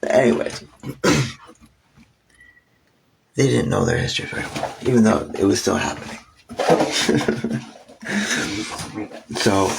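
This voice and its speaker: A man's voice: slow, creaky, pauses often, very noisy. A man casually retelling history with crude jokes, laughing between points and jumping into quoted voices. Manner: animated, acts out quoted voices with sudden high pitch jumps.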